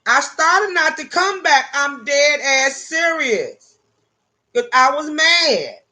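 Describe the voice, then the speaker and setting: A woman hosting a casual live stream from her porch, talking in an animated, exasperated, rambling way with lots of swearing. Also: high-pitched, takes it slowly. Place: outdoors on a porch.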